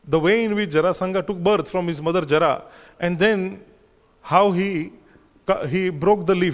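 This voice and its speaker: A man leads a scripture class, his voice sitting a little high as he retells old stories. He talks with fillers and restarts. The sound carries a long reverb from a temple hall. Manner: storytelling, with frequent fillers and restarts.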